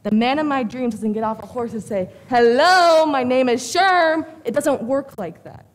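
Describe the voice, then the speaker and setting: A woman's voice: sits high, normal speed, close to an everyday voice. Woman playing a dreamy, whiny young romantic. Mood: complaining. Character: young dreamy woman pining for Prince Charming. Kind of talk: stage play acting.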